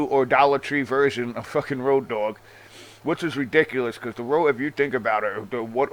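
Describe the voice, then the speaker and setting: A man's voice: medium pitch, fairly bright tone. A man ranting casually as a wrestling show host, sarcastic and full of swearing, calling the listener bro. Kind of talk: casual rant.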